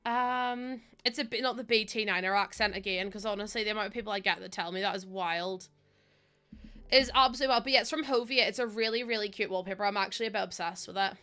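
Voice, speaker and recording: Chatting with viewers during a game stream, a young Northern Irish woman rambles and laughs often as she welcomes people in. She talks at a quick pace in a mid-range voice that is sharp and clean.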